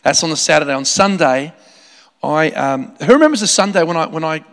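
A man preaching a sermon, telling a story in an animated way with laughing asides and many restarts. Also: a little high, brisk. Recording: long hall reverb.

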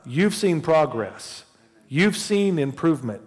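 A man's voice: mid-range voice, normal speed, a little mellow, long reverb tail. A man in his forties preaching a sermon in church as the pastor, telling a casual personal story before building to fervent preaching. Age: 40s. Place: church sanctuary.

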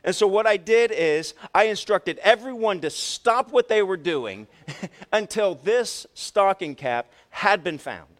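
A man preaching a sermon as pastor, telling a personal story with lively swings between loud and quiet delivery and frequent restarts. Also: high-pitched, unhurried. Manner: repeats words when restarting.

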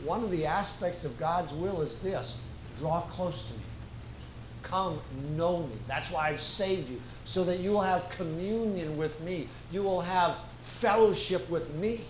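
A man preaching as a guest pastor, slow and emphatic, repeating key phrases for weight. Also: high voice. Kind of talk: sermon. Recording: echoey room with faint ambient noise.

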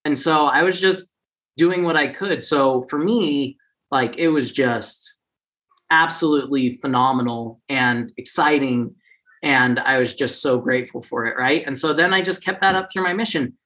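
Bright-voiced man telling a story. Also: mid-range voice, normal speed. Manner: acts out quoted people with raised, funny voices. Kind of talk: casual personal storytelling.

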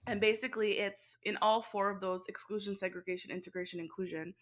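A middle-aged woman speaks as an interview guest. She tells stories from her teaching in a lively, animated way, with a bright, forward tone, and she laughs often. Her pitch sits at a medium level. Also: quick pace. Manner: animated, laughs often, speeds up when excited. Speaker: education instructor, interview guest. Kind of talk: conversational storytelling.

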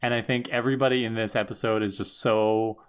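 A podcast co-host in casual chat about a show, thoughtful and quick to join the jokes. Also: mid-range voice, level tone, smooth.

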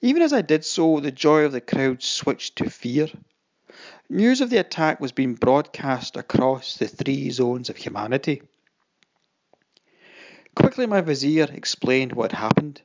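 An audiobook narrator giving a dramatic, expressive first-person reading and voicing the quoted lines. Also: mid-range voice.

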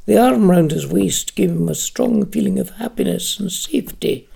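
A narrator giving a measured, expressive reading of a literary audiobook. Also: mid-range voice, creaky, husky.

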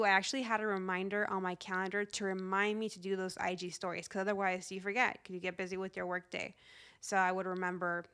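A woman's voice: mid-range voice, fairly bright tone, clear, resonant tone. A woman in her thirties hosting her own podcast, talking casually and upbeat with frequent laughs. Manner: chatty, upbeat, laughs often. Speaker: podcast host. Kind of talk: casual solo podcast talk.

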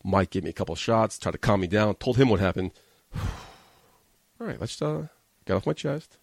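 A man with a low, gravelly voice rushes through a profane, agitated rant in a podcast studio. He rambles along with plenty of swearing. The sound is dry and close, with no room echo. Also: animated. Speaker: podcast host. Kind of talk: casual storytelling rant.

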